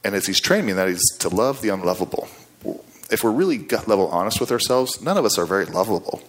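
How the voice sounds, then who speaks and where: A man's voice: on the low side, animated, fast. A middle-aged man preaching a sermon in a conversational, folksy way, with asides and rising emphasis. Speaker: guest preacher.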